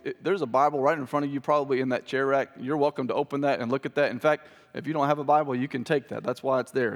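A man pastor giving a sermon in a church, casual and joking with the congregation. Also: mid-range voice. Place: church sanctuary. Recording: hall reverb.

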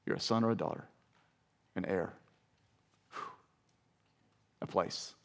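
A pastor preaches a sermon in a slow, creaky voice. When he reads scripture aloud, his pitch and volume rise with emphasis, and he breaks in with asides like "listen" addressed straight to the congregation.

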